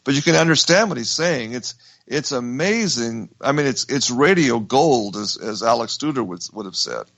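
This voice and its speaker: A man's voice: medium pitch, expressive, moderate pace, fairly bright tone, no room sound. A man hosting a radio talk show, telling a story with emphatic restarts. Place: radio studio.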